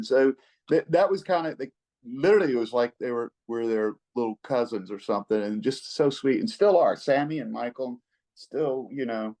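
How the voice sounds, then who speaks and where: A middle-aged man, a rock singer-songwriter telling stories in a relaxed interview, folksy and quick to chuckle. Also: fairly low pitch, low-quality recording. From American South. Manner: laid-back, folksy, chuckles often, repeats words when excited.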